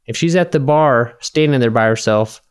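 A man's voice: mid-range voice, normal speed, clean tone. Rambling, profane man telling bar stories. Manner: rambling, profane storyteller acting out bar dialogue. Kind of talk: casual drunken chat.

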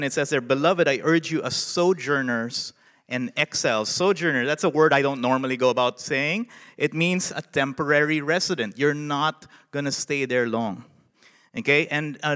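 A Filipino pastor with a Filipino English accent preaches animatedly in a large hall, putting questions to his listeners. His voice is medium in pitch.

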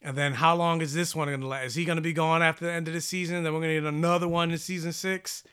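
Sarcastic young man with bright voice. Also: fairly high pitch, little pitch movement, fast talker, clean tone. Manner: sarcastic, mocking, trails off. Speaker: podcast co-host. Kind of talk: casual chat.

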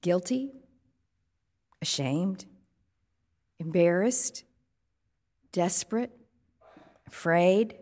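A woman pastor giving a sermon, measured and reflective, posing strings of rhetorical questions. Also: mid-range voice, long reverb tail.

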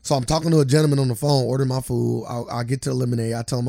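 A man co-hosting a podcast in casual chat, telling animated stories with lots of swearing and acted-out quotes. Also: mid-range voice, very fast, vocal fry, no echo, clean studio sound. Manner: animated storytelling, acts out quotes, swears freely. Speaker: podcast co-host.

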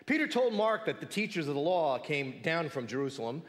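A man preaching a sermon, his voice pitched a little high and swinging widely as he fires off rhetorical questions. He drops to a hush to land a point. The sound carries a long reverb from a large hall. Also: very animated, a little fast. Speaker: pastor.

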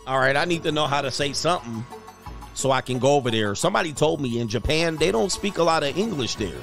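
A man's voice: fairly high pitch, lively intonation, fast, creaky, fairly bright tone, faint music behind. A man hosting a casual livestream, joking and rambling and often laughing as he talks. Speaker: host.

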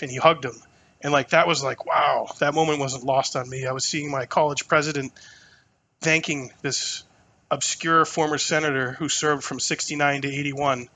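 Animated, swearing man telling stories. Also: fairly high pitch, normal speed. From New Hampshire. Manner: animated, profane, lots of fillers. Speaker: podcast guest. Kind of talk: casual storytelling conversation.

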